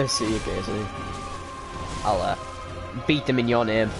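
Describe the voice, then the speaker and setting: A man with a fairly low, slow voice and vocal fry talks over loud music. He's a streamer casually commenting on a game as he plays, poking fun at himself and chatting with viewers by name.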